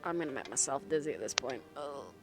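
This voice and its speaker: A woman's voice: very deep voice, expressive, quick pace, loud music behind the voice. Chatty Black Country woman streamer. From England. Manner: chatty, thinking aloud with fillers. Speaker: gaming streamer. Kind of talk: casual gameplay commentary.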